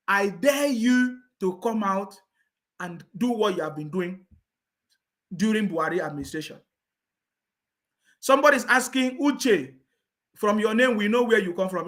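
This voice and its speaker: A man's voice: high voice, fairly bright tone. A man giving a scornful, insistent political rant, with mocking laughs and repeated check-ins with his viewers. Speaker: political commentator. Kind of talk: ranting online commentary.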